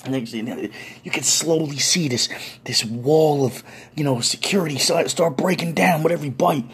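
Young male podcast storyteller: husky, slightly high voice, swears freely, lively comic timing. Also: normal speed. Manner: profane, animated, playful. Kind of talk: comedic storytelling.

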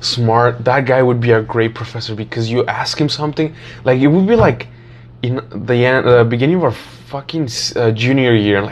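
A young man in casual chat, rambling and animated, swearing freely and acting out his friends' lines. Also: mid-range voice, normal speed, muffled recording, a little hiss or hum. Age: young adult.

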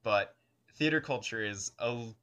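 A man's voice: medium pitch, normal speed, bright, forceful tone. A young man co-hosting a casual chat, speaking thoughtfully and searching for the right words. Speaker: podcast co-host.

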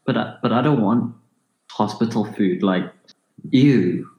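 A man's voice: lowish voice, normal speed, darkish tone, dull audio. A man who is a player in a tabletop game, bantering in a snarky, mocking way. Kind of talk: casual tabletop play. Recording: roomy echo.

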